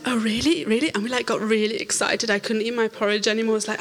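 A woman telling an animated church testimony, laughing often and acting out the voices in her story. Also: fairly high pitch, quick pace, hardly any pauses. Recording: reverberant hall.

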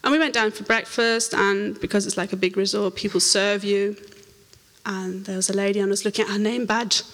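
A woman telling an animated church testimony, laughing often and acting out the voices in her story. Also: mid-range voice, a little fast. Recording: reverberant hall.

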